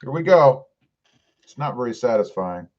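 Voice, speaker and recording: A middle-aged man hosts a casual live stream, reading viewer comments aloud and answering them with jokes. His mid-range voice is sing-song and a little mellow at normal speed, the recording muffled, and he's clearing his throat. He comes across chatty and jokey.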